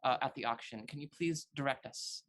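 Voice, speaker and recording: A tabletop player voicing a disguised noblewoman who speaks in a halting, overly formal way. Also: mid-range voice, a bit bright, close to an everyday voice. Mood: haughty. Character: pompous disguised noblewoman, lady visitor.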